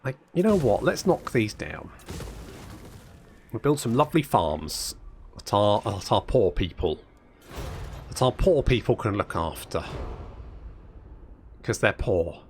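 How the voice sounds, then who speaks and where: A man's voice: on the low side, big pitch swings, takes it slowly, long pauses, a little hiss or hum. A man giving casual, sarcastic let's-play commentary, thinking aloud and swearing freely. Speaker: gaming channel host.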